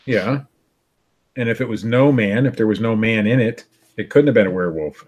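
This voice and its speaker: A man's voice: fairly low pitch, normal speed, a little mellow, breathy edge. A man in his fifties co-hosting a podcast, bantering stubbornly and laughing often. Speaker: podcast co-host. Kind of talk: casual banter.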